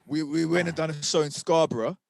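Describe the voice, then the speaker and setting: A man's voice: fairly high pitch, brisk, creaky. A young man, chatting casually as a podcast co-host and acting out the voices in his stories. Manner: animated storyteller, acts out what people said. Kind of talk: casual chat.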